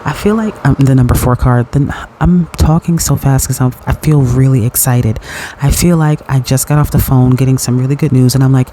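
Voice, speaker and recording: A man giving a casual pick-a-card tarot reading at home at night, chatty and excitable, laughing often and restarting his sentences. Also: medium pitch, brisk, a little hiss or hum, rough recording. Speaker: tarot reader. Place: home at night in dim lighting.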